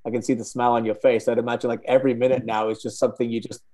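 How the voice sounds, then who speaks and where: A man's voice: medium pitch, flat delivery, very fast, warm tone. A man hosting a sports interview, asking encouraging, leading questions.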